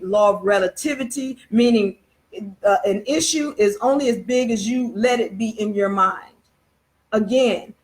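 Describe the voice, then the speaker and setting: A woman hosting a casual live-stream talk, telling a parable at a meandering pace with many fillers, restarts and rhetorical questions. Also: fairly high pitch.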